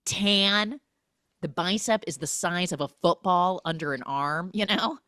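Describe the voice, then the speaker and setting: A young woman hosting a comic film-recap podcast, telling the story with lively asides and acting out the characters' lines in exaggerated voices. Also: fairly low pitch, measured pace, no room sound, clean studio sound. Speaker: podcast host recapping films.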